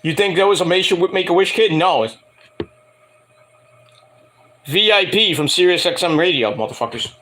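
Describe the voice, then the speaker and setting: New man vlogging, lively pitch, bright and forceful, loose and profane storyteller. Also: fairly quick, slight background noise. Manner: animated, profane, acts out quotes in higher voices. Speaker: wrestling and music vlogger. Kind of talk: casual rambling storytelling to camera.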